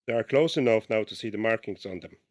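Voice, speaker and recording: Low-voiced man reading a diary haltingly. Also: darkish tone, lo-fi sound. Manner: reads haltingly with restarts, breaks off to comment. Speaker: podcast co-host. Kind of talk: casual podcast chat, reading a diary aloud.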